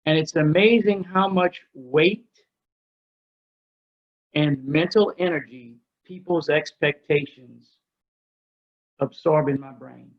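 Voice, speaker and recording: A middle-aged man giving a workshop talk on ministry. He tells energetic, joking stories. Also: a little high. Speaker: ministry speaker. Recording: dull lo-fi recording.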